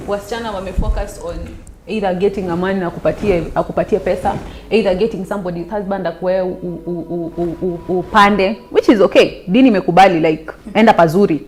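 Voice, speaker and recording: A woman's voice: medium pitch, darkish tone, a little hiss or hum. A Kenyan woman from Nairobi, a talk show guest, speaking emphatically and repeating her points while mixing Swahili and English.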